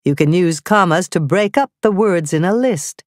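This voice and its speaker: A woman narrating a scripted grammar lesson, reading slowly and carefully with clearly spelled-out examples. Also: on the low side, lively intonation, dry recording, studio quality. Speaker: teacher.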